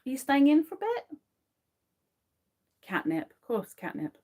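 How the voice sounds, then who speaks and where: A woman's voice: sits high, wildly swooping pitch, a little slow, a little mellow. A woman hosting a crochet livestream, chatting casually with viewers and murmuring her stitch counts while she works. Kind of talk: casual chat to a live audience while crocheting.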